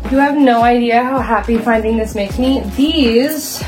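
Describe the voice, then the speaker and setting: A woman's voice: on the high side, measured pace. A young Canadian woman chatting casually to camera as she tidies her home craft room, rambling and self-deprecating. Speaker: vlogger. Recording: clear music bed under voice.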